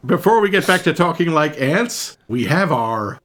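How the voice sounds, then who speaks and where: An older man co-hosts a movie podcast in loose, playful chat. His voice sits a little high and swings widely in pitch, and he keeps tossing in silly jokes. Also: big pitch swings, slow pace, over music. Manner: playful, jokey, breaks into silly bits. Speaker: podcast co-host. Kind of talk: casual chat about movies.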